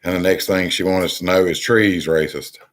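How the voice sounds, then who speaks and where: A man's voice: low voice, fairly even intonation, brisk, a bit bright. A man hosting a political commentary monologue, rambling and exasperated, with many ums and restarts. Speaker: channel host.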